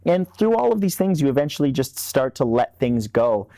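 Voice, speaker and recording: A man's voice: medium pitch, sing-song, moderate pace, vocal fry, mellow, dry recording, studio quality. Earnest man in his thirties. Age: 30s. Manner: earnest, emphatic, repeats words when stressing a point. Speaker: guest. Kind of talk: candid interview talk.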